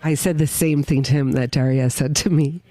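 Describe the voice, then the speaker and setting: Here a woman with a deep voice talks at a moderate pace in a dry recording. As a podcast guest witness at a winery, she shares a personal story full of feeling and brings other people's words to life by acting them out in an animated, emotional way.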